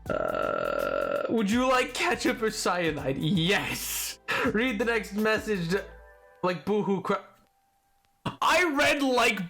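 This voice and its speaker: A man's voice: sits high, a bit bright. A man streaming live, chatting casually with viewers in a rambling, self-mocking way and laughing often.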